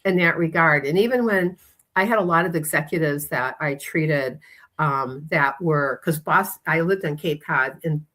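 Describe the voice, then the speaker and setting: Lady chiropractor on a podcast, low voice, rambly stories, does little voices for people. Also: unhurried. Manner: rambling, animated, acts out quoted people. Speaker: chiropractor guest. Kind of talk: casual interview storytelling.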